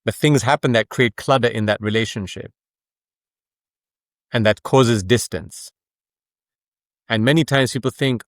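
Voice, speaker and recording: A man's voice: medium pitch, a little slow, pauses often, dry recording, clean studio sound. Emphatic male guest explaining ideas. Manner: explanatory, emphatic, uses rhetorical questions. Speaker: author and coach, podcast guest. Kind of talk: conversational interview.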